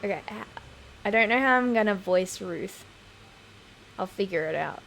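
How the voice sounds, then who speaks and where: A woman's voice: medium pitch, lively intonation, moderate pace, gravelly, fairly bright tone, slight background noise. A woman streamer chatting casually over gameplay, laughing often and swearing freely, on a home desk microphone.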